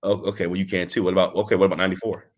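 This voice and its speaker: A man with a lowish voice chats in a relaxed interview, jumping between stories. He rambles and restarts, then acts out what people said with bursts of energy. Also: rapid-fire. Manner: animated storyteller, rambling with restarts, acts out quotes. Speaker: interview guest, wrestling trainer. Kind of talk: casual interview chat.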